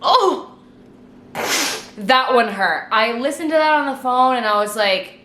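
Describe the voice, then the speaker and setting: A woman's voice: on the high side, unhurried. Chatty young woman in echoey room. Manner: chatty, swears a lot, animated retelling. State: tipsy from wine. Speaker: vlogger. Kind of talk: casual storytime monologue.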